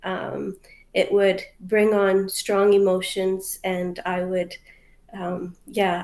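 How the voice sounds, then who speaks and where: A Canadian woman who works as a mental health coach answers interview questions over a video call in a fairly low voice. Her replies are hesitant and heartfelt, packed with filler words.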